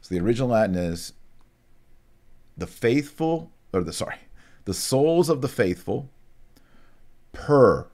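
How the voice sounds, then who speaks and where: Low-voiced male teacher, casual online lesson, slow careful Latin enunciation with conversational asides. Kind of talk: casual online lesson, reading and explaining prayers.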